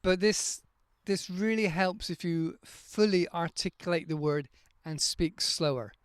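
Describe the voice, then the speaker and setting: A man talks in a smooth, resonant voice pitched a little high for a man. He explains pronunciation patiently, sounding words out one at a time. The sound is dry and close, from a handheld microphone. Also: a little slow, no echo. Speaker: English teacher and podcast host. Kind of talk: casual podcast monologue.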